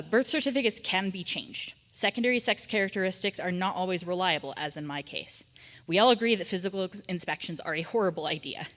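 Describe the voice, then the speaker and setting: A teacher giving a measured, firm prepared statement during public comment at a school board meeting. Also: female voice, lowish voice, a bit bright. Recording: long reverb of a meeting hall.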